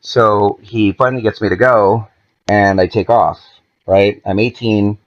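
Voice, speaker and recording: A man's voice: on the low side, fairly even intonation, unhurried, dull audio. A young man from California telling a long story casually on a podcast, swearing freely and acting out the people he quotes. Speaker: podcast guest.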